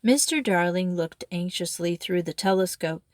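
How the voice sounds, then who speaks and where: A woman's voice: fairly low pitch, moderate pace, no echo. Woman reading a story aloud, dry close sound.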